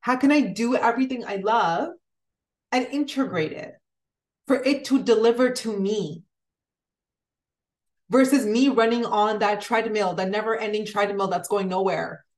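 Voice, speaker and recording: A woman's voice: medium pitch, measured pace, long pauses, darkish tone. A woman giving an earnest, motivational spiritual talk, speaking directly to the listener in repeated phrases. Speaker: spiritual content creator.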